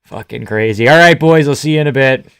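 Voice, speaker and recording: A man's voice: medium pitch, quick pace, fairly bright tone, clear, resonant tone, no echo, studio quality. A young Canadian man casually commenting on fights on a live stream, joking, swearing and laughing as he reacts to chat.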